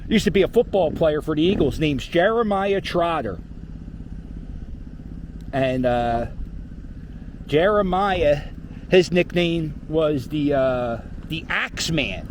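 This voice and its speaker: A middle-aged man talks in a casual, rambling way, cracking jokes and cursing now and then. His voice sits a little high for a man. Faint outdoor traffic noise runs underneath. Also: expressive, slow pace. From Philadelphia. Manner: rambling, joking, profane. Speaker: vlogger riding a scooter. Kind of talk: casual chat while riding. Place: outdoors on city streets.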